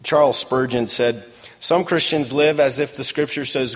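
A man's voice: mid-range voice, fairly even intonation, moderate pace. A man preaching a sermon as pastor, with emphatic call-and-response. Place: church sanctuary. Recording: long reverb in a large hall.

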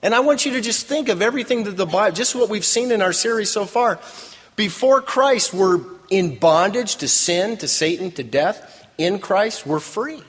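A man's voice: sits high, lively intonation, normal speed, a bit bright, husky. A man preaching a sermon as pastor, with emphatic call-and-response. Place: church sanctuary. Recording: long reverb in a large hall.

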